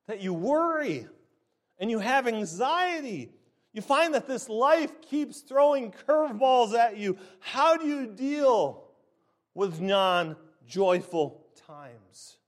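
A man preaching a sermon in an emphatic, deliberate way, stressing key words. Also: sits high.

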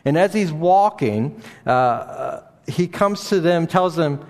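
A man teaching from the Bible in an explanatory way, often pausing and restarting his sentences. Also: fairly high pitch, expressive, a little mellow. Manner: explanatory, with frequent fillers and restarts. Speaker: preacher. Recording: long reverb in a hall.

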